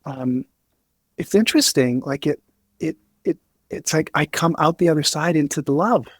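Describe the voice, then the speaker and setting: Earnest halting man, dry close sound. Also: fairly high pitch, expressive, breathy edge, no room sound. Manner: halting, many restarts and fillers; earnest and emotional. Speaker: guest. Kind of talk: candid interview talk.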